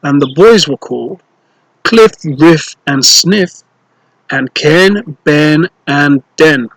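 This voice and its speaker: Storyteller reading a children's book: slightly high male voice, very unhurried, playful. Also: animated, a bit bright, no echo, rough recording. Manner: slow, clear and playful, with rhymes.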